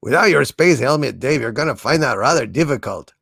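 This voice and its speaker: A calm, menacing ship computer with a laid-back Chicano drawl, as a man puts it on. It turns down every request in unhurried, mock-polite tones and sounds lively and animated. The voice comes across dry and close, with little room sound. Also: mid-range voice, creaky, slightly rough, no echo, exaggerated voice. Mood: calmly refusing.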